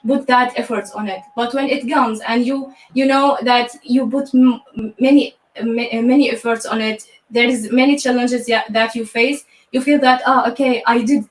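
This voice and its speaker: A woman from Syria answers interview questions in a slightly high voice, often halting and repeating words as she searches for them. The recording is roomy and she sits back from the mic. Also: far from the mic. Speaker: graduate guest. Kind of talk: live online interview.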